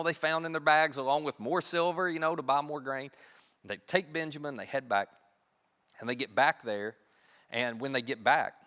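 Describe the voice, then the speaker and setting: Male pastor, animated sermon, bright voice, reverberant church hall. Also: medium pitch. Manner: animated, humorous, conversational. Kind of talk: sermon storytelling. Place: church sanctuary.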